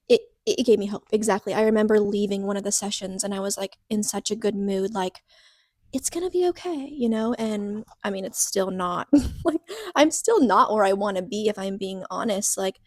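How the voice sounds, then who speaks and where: A mid-range, slightly mellow female voice at normal speed, captured cleanly in a studio with no echo, belongs to a podcast co-host. Chatting casually, she recounts something personal earnestly and vulnerably, rambling with frequent "like" and restarts.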